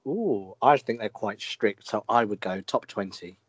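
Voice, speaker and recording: A man's voice: on the low side, unhurried. A man taking part as a contestant on a casual podcast quiz, chuckling and reacting with easy surprise. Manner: chuckling, easily impressed. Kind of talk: casual chat.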